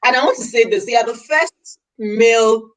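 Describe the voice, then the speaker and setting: A woman's voice: fairly high pitch, normal speed. A woman hosting an interview show, chatting with eager interjections. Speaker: show host. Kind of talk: casual interview chat.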